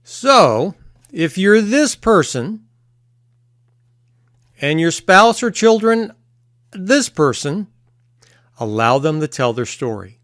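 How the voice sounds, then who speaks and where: A man, a therapist and coach, talking casually to camera and explaining things with pauses and repeats. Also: fairly high pitch, big pitch swings, a bit bright, dry recording, clean studio sound. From United States. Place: at home early morning.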